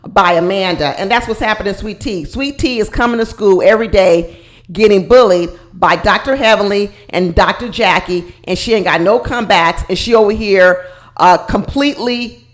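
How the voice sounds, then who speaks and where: A woman's voice: medium pitch, moderate pace. A woman giving a casual vlog review of a reality TV show, talking straight to her viewers in a blunt, emphatic, colloquial way.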